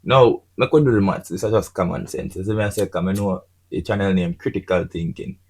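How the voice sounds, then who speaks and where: A man's voice: deep voice, fairly quick, darkish tone, poor audio. A Jamaican man hosting a podcast, chatting casually in patois and often checking in with "you see me". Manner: patois-laced, rhetorical, keeps asking "you see me". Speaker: podcast host. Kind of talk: casual chat.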